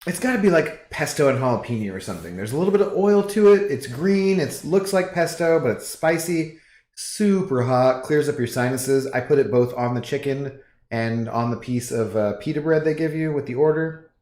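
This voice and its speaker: A man hosting a livestream, chatting casually with viewers and rambling through relaxed asides while reading chat. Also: mid-range voice, moderate pace, echoey room.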